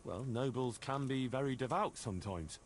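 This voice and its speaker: An actor playing a polite, curious young squire in a video game. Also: male voice, medium pitch, moderate pace, slight background noise, natural voice. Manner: polite and inquisitive.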